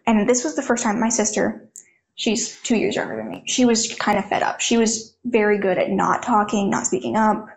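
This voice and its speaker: A woman's voice: mid-range voice, steady tone, moderate pace, creaky, a little hiss or hum. An eighteen-year-old woman, an interview guest, telling her own story frankly and conversationally, with plenty of "like" in her speech. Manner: frank, conversational, heavy use of "like". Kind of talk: candid personal storytelling.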